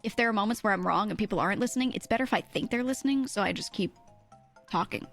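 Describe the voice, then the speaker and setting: With faint music behind her, a woman streamer talks fast and casually to her chat, swearing openly and laughing often. Her mid-to-low voice has a slightly bright quality.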